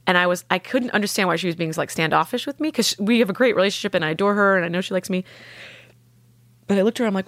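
A woman, a podcast guest, telling a deeply personal story in an earnest, heartfelt way and with strong conviction. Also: very fast, fairly bright tone, no room sound.

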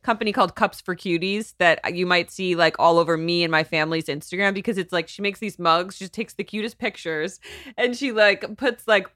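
A woman co-hosting a casual podcast chat, lively and acting out quotes in other voices, on a close mic. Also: lowish voice, fairly quick, no echo. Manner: animated, acts out quotes in changed voices. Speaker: podcast co-host.

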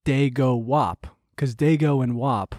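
A man's voice: medium pitch, takes it slowly, a little mellow, dry recording, studio quality. A man from New Jersey co-hosting a podcast, dropping wry asides and bits of trivia. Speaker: podcast co-host. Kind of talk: casual comedic chat.

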